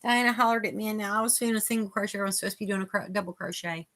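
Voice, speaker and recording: A woman's voice: mid-range voice, fairly even intonation, racing, fairly bright tone. A woman hosting a casual live chat, reading viewer comments aloud as she crochets. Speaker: host.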